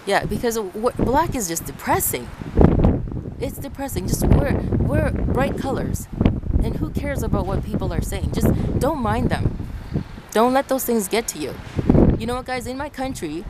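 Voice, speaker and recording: A woman's voice: fairly high pitch, expressive, moderate pace. A woman from Ecuador talking to camera outdoors in a casual vlog, giving earnest advice and repeating herself as she goes. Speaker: vlogger. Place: outdoors on a windy day. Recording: loud wind noise buffeting the mic outdoors.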